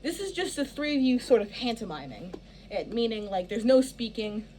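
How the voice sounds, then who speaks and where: A woman's voice: a little high, sing-song, normal speed, warm tone, a little hiss or hum. A woman director walking actors through stage blocking in a casual, rambling way, full of fillers and restarts. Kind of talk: casual rehearsal instructions.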